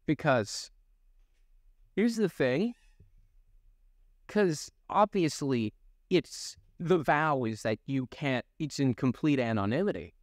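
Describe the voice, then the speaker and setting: A man's voice: a little high, slow, pauses often, no room sound, clean studio sound. A young man and voice actor, co-hosting a casual comedic chat, rambling through stories and laughing often. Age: young adult. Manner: animated, laughing, rambling storyteller. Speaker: podcast co-host and voice actor.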